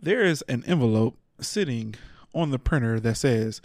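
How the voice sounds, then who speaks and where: A man's voice: mid-range voice, moderate pace, no room sound, studio quality. A man telling a story in casual chat, cursing freely, laughing often and acting out what other people said. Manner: profane, animated, acts out quoted people.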